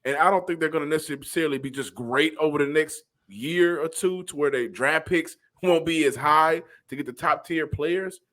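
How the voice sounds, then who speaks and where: A man co-hosts a casual sports podcast. He trips over his words and stammers through his picks. His voice sits a touch higher than usual. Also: moderate pace, few pauses, a bit bright. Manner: hesitant, stammering restarts. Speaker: podcast co-host.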